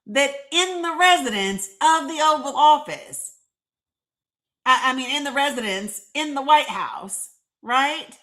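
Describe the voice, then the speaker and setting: A woman hosting a casual live stream, chatting, reading viewer comments aloud and often laughing and clearing her throat. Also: sits high, expressive, slow, a bit bright. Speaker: livestream host.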